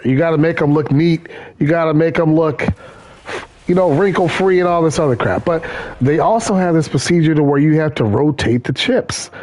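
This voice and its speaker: A man's voice: fairly high pitch, a little mellow. A man hosting a gaming stream, chatting casually and rambling, repeating his words as he goes. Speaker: gaming channel host. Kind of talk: casual chat while gaming.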